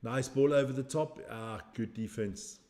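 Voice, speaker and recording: A man's voice: medium pitch, unhurried, warm tone. Middle-aged male stream host, rambling and chatty, mid-range voice, answers viewers and jokes about getting old. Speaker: watch-along stream host. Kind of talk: casual live stream chat reacting to a match.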